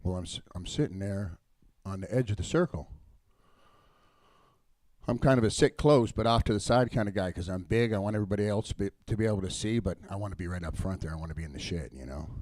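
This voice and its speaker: A man's voice: deep voice, quick pace, darkish tone, no room sound. Raw, confessional man telling his story. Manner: raw, emotional, with profanity. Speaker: storyteller at a live event. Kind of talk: personal storytelling.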